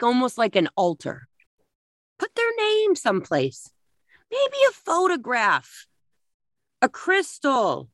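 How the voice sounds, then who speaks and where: A woman's voice: fairly high pitch, a bit bright, no room sound, clean studio sound. A middle-aged woman giving a blunt, emphatic spiritual talk, swearing freely as she advises people.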